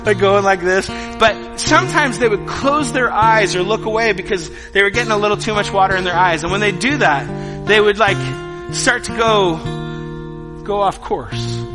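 Middle-aged male pastor, high voice, lively storyteller, preaching in a reverberant hall with guitar behind. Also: normal speed. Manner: animated storytelling, acts out scenes. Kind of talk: sermon.

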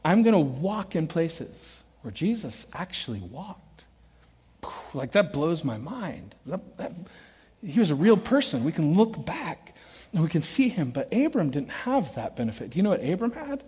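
A middle-aged man preaching from the front of a large church hall, his voice sitting high for a man. He tells stories with animated swings, shouting one moment and dropping to a hushed intensity the next. A long reverb trails every phrase. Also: moderate pace, breathy edge. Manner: animated storytelling, swings between loud shouts and quiet intensity. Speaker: pastor. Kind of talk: sermon.

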